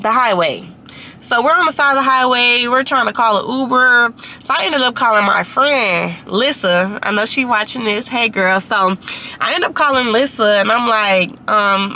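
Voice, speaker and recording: A woman's voice: a little high, pushed and bright, slight background noise. A young woman telling a casual storytime, chatty and full of slang and fillers. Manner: chatty, heavy use of "like" and slang. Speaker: vlogger.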